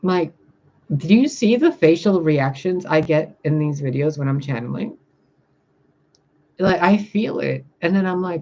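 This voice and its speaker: A spiritual reader speaking bluntly and profanely in a casual livestream rant, reading out viewer comments and answering them. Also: male voice, on the high side, expressive, measured pace, darkish tone, highs cut off.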